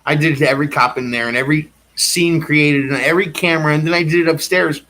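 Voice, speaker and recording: A man's voice: a little high, steady tone, quick pace, sharp tone. A man delivering a rambling personal monologue, insistent and repetitive, circling back to the same claims again and again.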